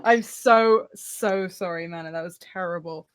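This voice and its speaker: A woman's voice: fairly low pitch, a little slow, no echo. A woman voice actress in an online interview, flustered and giggly, swearing as she talks. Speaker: voice actress and singer. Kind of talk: casual video-call interview.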